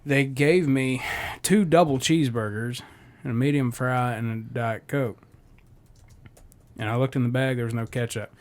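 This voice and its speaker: A man's voice: medium pitch, normal speed. A man co-hosting a comedy podcast, ranting profanely through a story. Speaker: podcast co-host. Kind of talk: casual comedy podcast chat.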